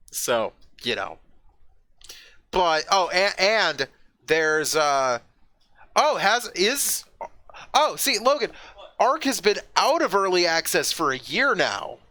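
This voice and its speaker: A man streaming live, chatting casually and rambling, with frequent swearing and sudden excited outbursts. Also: high-pitched, no room sound. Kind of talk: casual chat. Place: at home with a roommate nearby.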